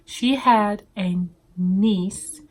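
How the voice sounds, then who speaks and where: Young southern woman telling her testimony, kinda halting, lots of um and like. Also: medium pitch, a little mellow. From Southern United States. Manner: earnest, halting, many fillers and restarts. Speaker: testimony speaker. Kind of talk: personal testimony storytelling.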